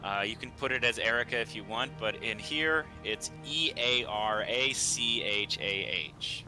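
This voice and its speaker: A man's voice: mid-range voice, measured pace, over music. A man running a tabletop game as game master, describing scenes in a loose, rambling way with many fillers.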